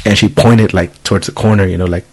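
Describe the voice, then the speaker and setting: A man's voice: deep voice, quick pace, husky, low-quality recording. Profane, storytelling man. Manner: profane, animated storytelling with voiced quotes. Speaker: podcast host. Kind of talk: casual storytelling chat.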